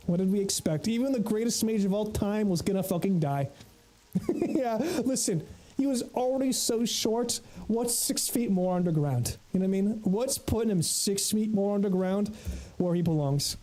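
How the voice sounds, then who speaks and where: Rambling, swearing game streamer, mellow voice. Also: medium pitch, lively intonation, normal speed, soft background music, rough recording. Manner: rambling, swears freely, laughs often. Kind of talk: casual livestream chatter reading chat while gaming.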